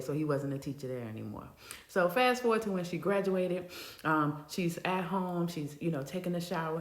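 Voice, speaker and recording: A woman casually telling a gossipy story in an animated way. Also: lowish voice. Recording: echoey room.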